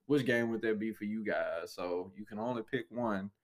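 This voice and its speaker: A man hosting a casual gaming podcast with a fairly low voice. He is laid-back and chatty, telling stories and laughing often as he moves the talk to the next question. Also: normal speed. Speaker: podcast host. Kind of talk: casual chat.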